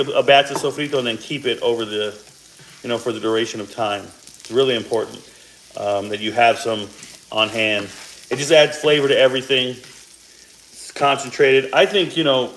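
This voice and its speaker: A man's voice: mid-range voice, fairly even intonation, normal speed, a bit bright, a little hiss or hum, poor audio. A man in his forties chatting casually to viewers while he cooks, rambling through asides, with a slight cough from a sore throat. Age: 40s. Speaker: cooking vlogger. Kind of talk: casual cooking chat to viewers. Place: home kitchen, cooking at the stove. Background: faint sizzle of frying food.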